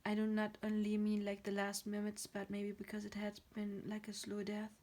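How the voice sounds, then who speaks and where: A woman doing a pick-a-card tarot reading, soft and halting, near tears and often dropping to a whisper. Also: mid-range voice, completely flat delivery.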